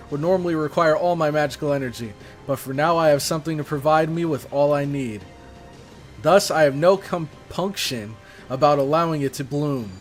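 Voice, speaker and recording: A man's voice: fairly high pitch, natural voice. A man reading the lines of a grandiose knight in a flowery, theatrical way. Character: grandiose knight of the white lily.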